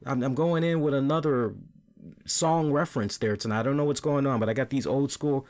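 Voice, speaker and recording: A man's voice: medium pitch, fairly quick, a little mellow. A man hosting a wrestling review show, talking casually and with animation, often repeating words and asking "right?".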